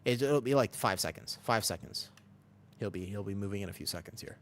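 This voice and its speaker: A man's voice: lowish voice, expressive, fairly quick, a bit bright, slight background noise. A young man streaming a game, chatting casually and rambling as he answers chat between callouts. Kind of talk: casual chat while gaming.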